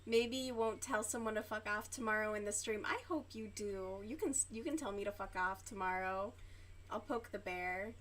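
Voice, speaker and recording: A woman's voice: mid-range voice, normal speed, fairly bright tone. A young woman livestreaming while she crochets, chatting casually and rambling with lots of fillers and swearing. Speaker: livestream host.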